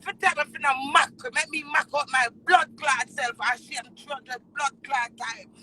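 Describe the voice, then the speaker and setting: A woman with a Jamaican accent in a heated rant, swearing loudly and swinging between shouting and low, tearful muttering. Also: moderate pace, slight background noise, rough recording.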